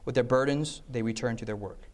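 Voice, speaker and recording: Speaking briskly at medium pitch, a man delivers a storytelling sermon about time management. He keeps his audience engaged with check-ins like "okay?" and "yes?" and voices the characters he quotes.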